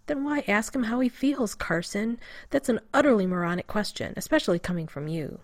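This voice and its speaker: A woman voicing a petulant, sharp-tongued male scientist who snaps in loud, high outbursts. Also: lively intonation, brisk, no echo. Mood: indignant. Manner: shrill, indignant outbursts.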